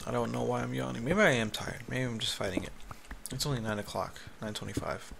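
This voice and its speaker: A man with a gravelly, fry-laden voice talks himself through a Minecraft session, rambling and yawning between tasks. His headset mic picks up clear background noise and the clatter of keyboard typing. It sounds like a home gaming setup. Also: medium pitch, fast, a bit bright. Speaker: gaming YouTuber. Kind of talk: casual Minecraft commentary. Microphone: headphones with a mic. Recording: noisy home recording with keyboard clicks. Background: keyboard typing and clicks.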